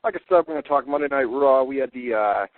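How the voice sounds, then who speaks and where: A man's voice: mid-range voice, quick pace, dry recording. A man with a New York accent hosting a casual radio show, talking loosely with lots of restarts and the odd curse word. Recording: tinny phone-like web radio audio.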